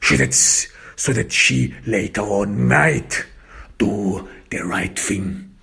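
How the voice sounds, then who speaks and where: A man narrating a first-person detective story, slow, halting and reflective. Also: lowish voice, vocal fry, sharp tone, slightly rough.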